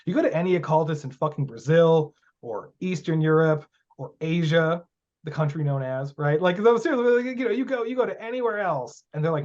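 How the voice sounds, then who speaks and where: A man's voice: a little high, lively intonation, moderate pace, darkish tone. A man talking as a guest teacher of magic in a casual podcast interview, blunt and profane, telling stories with emphasis. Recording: muffled lo-fi audio.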